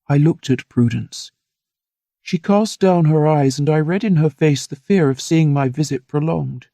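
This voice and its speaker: A man reads a classic novel aloud in the first person, with steady, earnest pacing. His voice sits a little high but sounds mellow and gravelly. The recording is close and dry. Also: measured pace, no room sound. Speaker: audiobook narrator. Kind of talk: scripted narration of a classic novel.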